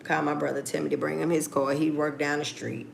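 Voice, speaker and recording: A middle-aged woman tells a story straight to her viewers in a deep voice. Her talk is blunt and full of swearing, and she acts out each phone call. Her voice has a gravelly rasp with a faint hiss behind it. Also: flat delivery, brisk. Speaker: vlogger. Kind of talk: casual storytelling.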